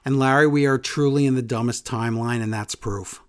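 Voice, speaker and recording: Man, podcast co-host, sarcastic and fed up, medium pitch, sneering asides. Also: steady tone, brisk. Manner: sarcastic, exasperated, mocking impressions. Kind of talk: casual chat recapping wrestling.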